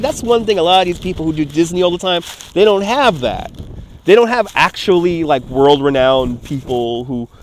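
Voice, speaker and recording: A man, live-streaming outdoors from a phone on a gimbal, talking in an emotional, rambling way, repeating himself and swearing. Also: sits high. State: close to tears. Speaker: livestream vlogger. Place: outdoors in a city street.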